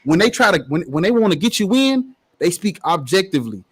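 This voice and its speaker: A man tears into his opponents in a heated live debate, swearing freely and hammering his points like a preacher. His voice sits high and has a husky edge. It leaps up and down with every jab. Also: big pitch swings, fairly quick. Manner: profane, emphatic, preachy. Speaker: debate panelist.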